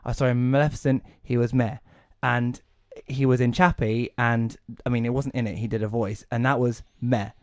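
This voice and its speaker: A man rants through a casual podcast chat, animated and swearing freely. His voice sits at an ordinary pitch. The recording is close and dry. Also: moderate pace, no echo. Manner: swears a lot, ranting and animated. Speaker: podcast co-host. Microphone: podcast mic.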